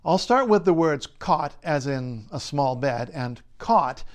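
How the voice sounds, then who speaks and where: Man reading a scripted explainer, slightly high voice, dry jokes, clear and even. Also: slow, background noise. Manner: clear, wry, lightly humorous delivery. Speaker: linguist and writer.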